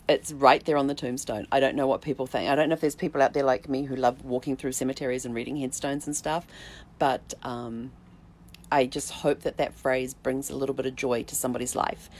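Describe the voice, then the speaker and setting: A middle-aged woman hosting her own vlog, telling a personal story in a reflective, unhurried way, with halting restarts and soft "um"s. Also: extremely low pitch, steady tone. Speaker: vlog host, family tree researcher.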